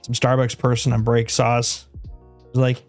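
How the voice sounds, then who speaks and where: A man with a mid-range, monotone voice chats casually at a measured pace on his game livestream, with faint music behind him. He rambles, restarts, and laughs, and coos at his dog in doting baby talk.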